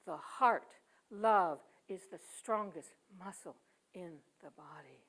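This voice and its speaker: A woman poet giving a sermon at a church service. She tells stories emphatically, swinging from loud to hushed and leaning on rhythmic repetition. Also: on the low side, slow pace. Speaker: guest speaker and poet.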